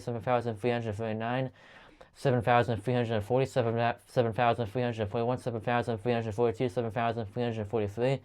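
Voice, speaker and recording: This man's voice is clear and resonant, sitting at a medium pitch. Hosting a lengthy counting video, he rattles off numbers at a quick, steady clip, frequently tripping up and starting over.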